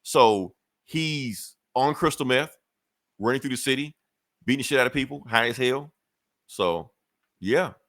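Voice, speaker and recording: A man's voice: medium pitch, measured pace, pauses often, a bit bright, no echo, studio quality. A man hosting a podcast, retelling a comic book issue in loose, profane, chuckling casual chat. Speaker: podcast host.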